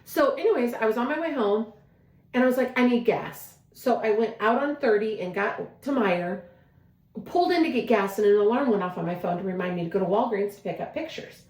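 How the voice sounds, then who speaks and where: A woman co-hosting a casual chat show, telling a long story in an animated, chatty way and often quoting herself. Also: a little high, brisk. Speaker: podcast co-host. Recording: roomy echo.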